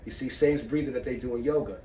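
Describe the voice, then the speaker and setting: A man's voice: mid-range voice, fast, dark tone, echoey room, slight background noise. Man, martial arts instructor, casual demo talk, muffled and far from the mic. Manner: casual, demonstrates as he talks, checks in with "all right?". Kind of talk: demonstrating breathing technique.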